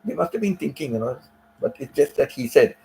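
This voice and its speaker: A man on a live stream telling a personal story in a casual, emotional way, repeating phrases and filling pauses with "you know.". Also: mid-range voice, lively intonation, vocal fry, a little mellow, a little hiss or hum, poor audio.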